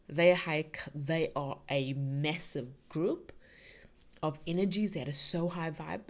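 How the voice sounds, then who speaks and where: Middle-aged female podcast host, slightly low voice, casual rambling spiritual chat. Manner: chatty, rambling, many "like"s and restarts.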